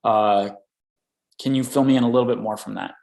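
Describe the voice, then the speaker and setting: A man's voice: medium pitch, fairly quick, creaky, roomy sound, rough recording. A man coaching inventors on licensing deals in a live question-and-answer session, talking energetically and tagging "right?" onto his points. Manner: energetic, repeats "right?" often.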